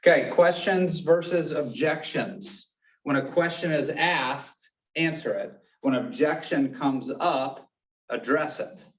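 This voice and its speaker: Male class instructor, brisk and questioning, recorded from across an echoey room. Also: fairly high pitch. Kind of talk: classroom teaching. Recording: echoey room, mic far off.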